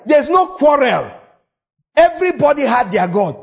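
A man preaching a sermon in a dramatic, animated way, acting out quoted voices and breaking into sudden shouts. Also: high voice, unhurried.

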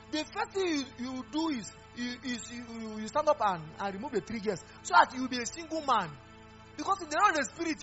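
Pastor, male, animated sermon delivery, swoops high and low. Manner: animated, mixing Pidgin, laughing and exhorting. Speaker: preacher. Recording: dull lo-fi recording with faint music.

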